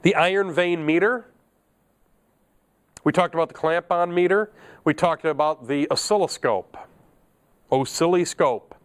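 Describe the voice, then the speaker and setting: A man's voice: a little high, moderate pace, long pauses, smooth. A middle-aged man teaching an electronics class, chatty and joking, laughing at his own asides. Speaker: electronics instructor. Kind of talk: classroom lecture.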